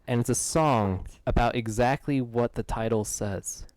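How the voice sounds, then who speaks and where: A man's voice: medium pitch, a little mellow, dry recording, poor audio. Chatty man guesting on a podcast. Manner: chatty, quick to laugh. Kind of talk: casual podcast chat.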